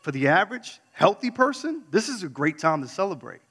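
A New Yorker tells a candid personal story in a hall, his high, slightly rough voice very animated and a little fast. He swings dramatically between loud and hushed, and long reverb fills the room.

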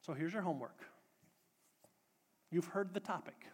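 Pastor, male, fairly high voice, sermon in a sanctuary, emphatic repetition mixed with relaxed announcements. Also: moderate pace, breathy edge, long reverb tail. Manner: preaching with rising emphatic repetition, then casual announcements. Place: church sanctuary.

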